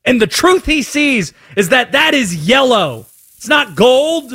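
A man's voice: extremely high pitch, slow, gravelly, slightly rough. A man hosting a sports talk radio show, ranting playfully about team colors in a studio. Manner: animated, playful rants.

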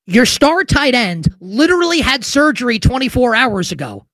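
Animated sarcastic sports radio host man. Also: very high voice, normal speed, hardly any pauses, dry recording, clean studio sound. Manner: animated, sarcastic, emphatic ranting with rhetorical questions. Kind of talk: opinionated sports talk radio monologue.

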